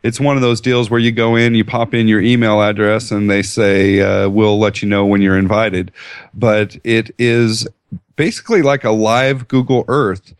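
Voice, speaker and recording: A man's voice: lowish voice, flat delivery, moderate pace, clear, resonant tone, no echo, studio quality. A man co-hosting a tech podcast, explaining in a rambling, chatty way with frequent restarts and chuckles. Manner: rambling, self-correcting, chuckling. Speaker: podcast co-host. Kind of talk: casual chat.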